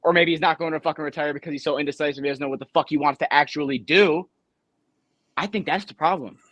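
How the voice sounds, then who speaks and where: A man's voice: a little high, steady tone, fast, fairly bright tone, low-quality recording. Fired-up ranting sports podcast guy. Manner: profane, ranting, sarcastic. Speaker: podcast co-host. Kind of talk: casual sports chat.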